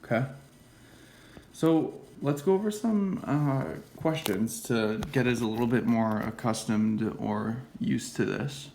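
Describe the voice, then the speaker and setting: A man's voice: mid-range voice, slow, vocal fry, slight background noise, poor audio. Casual man teaching a class. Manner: casual, checks understanding with "okay?" and "right?"; drops into quiet whispered asides. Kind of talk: classroom lecture.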